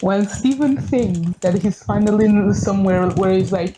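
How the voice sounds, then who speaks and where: A woman playing a tabletop game, reacting with loud exclamations. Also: mid-range voice, fairly even intonation, normal speed, few pauses, noisy background. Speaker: player.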